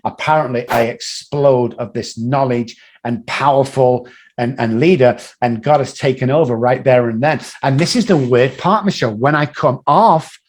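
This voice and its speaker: This man's medium-pitched voice moves at a moderate pace as he, a guest addiction recovery coach, tells motivational stories in an animated way, acting out each person's voice.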